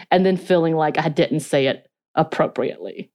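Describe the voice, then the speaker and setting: A woman co-hosting a podcast in casual conversation. Her voice sits a little low, and she thinks aloud in an analytical, self-questioning way. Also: normal speed, few pauses, dark tone. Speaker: podcast co-host. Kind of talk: casual chat.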